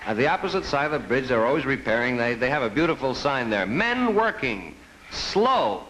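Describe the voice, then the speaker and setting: A male stand-up comedian telling deadpan stories, heard on an old TV broadcast. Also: mid-range voice, fast talker, a little hiss or hum, rough recording. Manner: deadpan storytelling, acts out sign voices. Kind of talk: stand-up routine.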